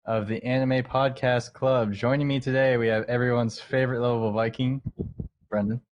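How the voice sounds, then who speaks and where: A man's voice: mid-range voice, fairly even intonation, moderate pace, lo-fi sound, slight background noise. A man hosting a casual podcast, introducing his friends with jokes. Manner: joking introductions. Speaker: podcast host.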